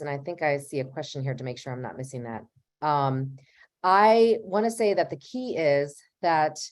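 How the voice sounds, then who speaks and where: A woman with a slightly low voice talks as a family therapist on a webinar panel. Her advice is earnest and explanatory. Now and then she acts out the lines a parent or a child might say.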